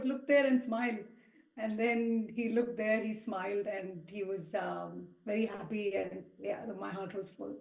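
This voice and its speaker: A middle-aged woman giving a heartfelt devotional testimony, telling personal stories with many pauses and fillers. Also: on the high side, gravelly, darkish tone. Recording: echoey hall sound.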